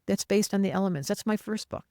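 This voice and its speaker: A woman astrologer talking as a guest in a casual interview, animated and emphatic, speaking in quick bursts. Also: mid-range voice, dry recording, studio quality.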